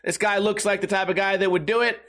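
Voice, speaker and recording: Man, high voice, podcast host, sarcastic, swears a lot, casual rambling. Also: steady tone, fast, fairly bright tone. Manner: profane, sarcastic, jumps into mocking voices. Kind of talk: casual comedic podcast monologue.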